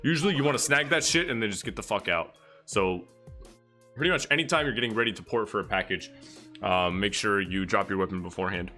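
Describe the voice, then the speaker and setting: A man with a lowish but bright, slightly tense voice talks through a match replay on stream. His delivery is loose, rambling and full of casual swearing. Soft music plays behind him. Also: fast. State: getting out of breath. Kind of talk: live stream commentary.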